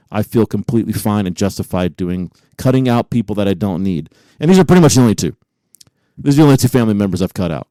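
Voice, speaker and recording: A man's voice: lowish voice, mellow, dry recording, poor audio. A man co-hosting a podcast in casual chat, swearing often and getting heated as he rants. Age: adult with a son. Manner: profane, heated rant. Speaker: podcast co-host.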